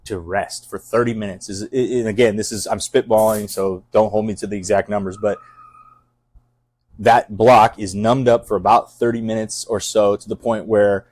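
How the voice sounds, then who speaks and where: A middle-aged fire captain talks fast and intensely in a casual podcast chat, circling back with restarts and fillers. His fairly low, darkish voice keeps a steady tone, and the sound is dry and close with no room sound.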